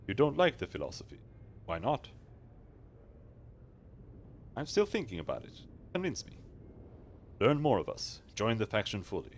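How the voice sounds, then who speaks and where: A man's voice: fairly low pitch, wildly swooping pitch, moderate pace, long pauses, slight background noise. A man voicing an aloof mystic woman in a fantasy game who can reshape souls, speaking in a grave, archaic, condescending way.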